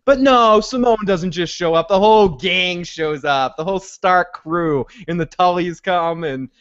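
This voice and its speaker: A man hosting a casual TV recap chat, rambling and profane, dropping into quick impressions of characters. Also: high voice, fairly bright tone, smooth, muffled recording. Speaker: podcast host.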